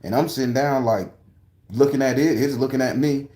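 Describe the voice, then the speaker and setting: A man vlogging outdoors in a park, telling an excitable, profane, rambling story full of restarts. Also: medium pitch, normal speed, echoey room. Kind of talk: animated personal storytelling.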